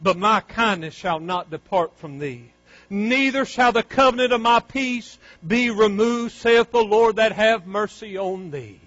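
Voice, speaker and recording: A man preaching a sermon with fervor, swinging from near shouts down to low, quiet lines. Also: unhurried, no room sound, lo-fi sound. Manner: fervent, rising to near shouts and dropping low. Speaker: pastor.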